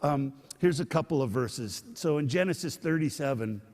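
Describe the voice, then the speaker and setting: A man's voice: mid-range voice, animated, normal speed, a little mellow, long reverb tail. A man teaching a sermon in a conversational way, often asking his listeners questions. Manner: conversational, asks the audience questions.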